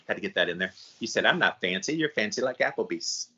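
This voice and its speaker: A man co-hosting a podcast in casual chat, telling stories in an animated way. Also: lowish voice, fast, few pauses, lo-fi sound. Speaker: podcast co-host.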